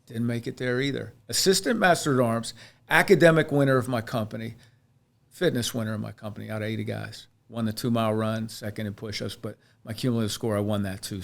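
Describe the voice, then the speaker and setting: A man's voice: lowish voice, fairly even intonation, quick pace, vocal fry. A man from Pennsylvania, a chiropractor and podcast guest, telling his life story in an earnest, reflective way with frequent restarts. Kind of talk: candid personal storytelling in a podcast interview.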